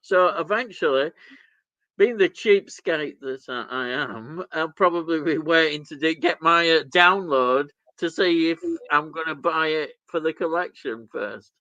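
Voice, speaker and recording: A man's voice: a little high, unhurried, bright, forceful tone, no echo. A man, co-hosting a live stream, chuckling as he reads out chat messages. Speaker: stream co-host reading chat. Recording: dull, dry sound.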